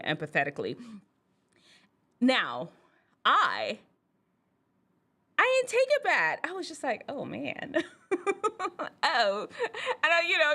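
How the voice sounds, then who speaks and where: A woman physician hosting a show for teens, telling a casual personal story in an animated, chatty way and laughing often. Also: on the high side. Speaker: host, physician.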